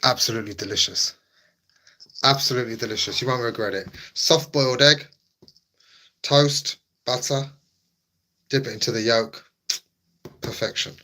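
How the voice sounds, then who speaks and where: A man hosting a live stream and chatting casually with his audience. His voice has a bright, forceful edge. He teases his viewers playfully and puts on mock-dramatic outrage. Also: mid-range voice, steady tone, moderate pace, long pauses.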